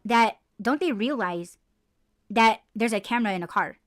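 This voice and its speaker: A woman's voice: on the high side, moderate pace. A woman co-hosting a podcast, telling stories in casual chat, full of swearing and filler words. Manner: animated storytelling, heavy swearing and "like" fillers. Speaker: podcast co-host.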